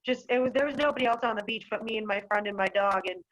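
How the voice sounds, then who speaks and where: A young woman from Massachusetts speaks over a video call, her voice a bit high. She rambles through her account, packing it with "like" and "you know". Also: quick pace, a bit bright, poor audio. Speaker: dog owner at a hearing. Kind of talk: recounting an incident on a video call.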